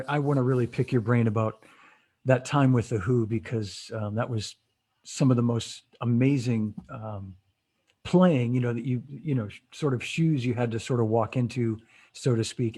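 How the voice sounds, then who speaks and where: A man's voice: mid-range voice, normal speed, mellow, breathy edge. A man hosting a casual interview over a video call, telling a rambling story with many restarts and frequent laughs. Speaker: host.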